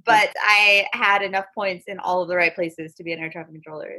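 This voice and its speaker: Young woman co-host, bright and breathy, pitch moves a lot, self-deprecating and quick to laugh. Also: fairly even intonation, rough recording. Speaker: podcast co-host. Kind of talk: casual chat.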